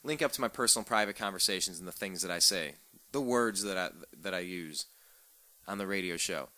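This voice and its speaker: A man's voice: low voice, animated, a little fast, bright, forceful tone, no room sound. A man hosting a political talk radio show, delivering a sarcastic, ranting monologue and stumbling over repeated words as he gets fired up.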